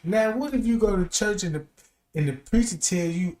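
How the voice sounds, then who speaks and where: A man streaming casual commentary, animated and slangy, rambling as he reacts to what he reads. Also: high-pitched, brisk, echoey room.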